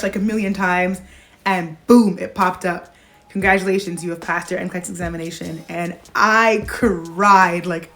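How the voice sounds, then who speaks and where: A young woman in her twenties, a pediatric nurse, telling a personal story to camera in a casual, animated way with bursts of laughter. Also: lowish voice.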